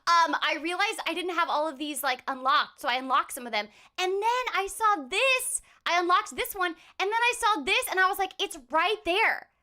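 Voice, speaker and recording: Bubbly, giggly high-voiced woman streamer. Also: expressive, fairly quick, few pauses, pushed and bright. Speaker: streamer and voice actor. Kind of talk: casual game stream chat.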